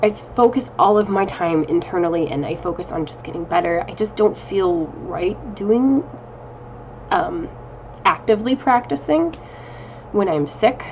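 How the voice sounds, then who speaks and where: A woman's voice: mid-range voice, animated, normal speed, darkish tone, muffled recording, slight background noise. A woman in her thirties, casually talking to her viewers in a rambling, self-deprecating personal check-in, recorded at home on a camera mic. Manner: chatty, rambling, laughs often, self-deprecating. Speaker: witchcraft vlogger.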